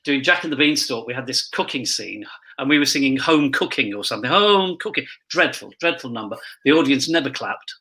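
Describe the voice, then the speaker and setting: A man's voice: medium pitch, fairly quick, pushed and bright, low-quality recording. A man who performs as a pantomime dame, telling rambling backstage anecdotes in casual chat and admitting he talks too much.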